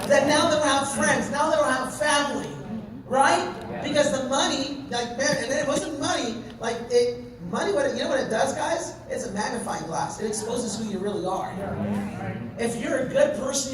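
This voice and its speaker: A man giving an energetic motivational talk to a sales team, telling stories and checking in with his audience as he goes. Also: extremely high pitch. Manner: animated, keeps checking in with the audience. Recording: very echoey room, voice from far off, noisy.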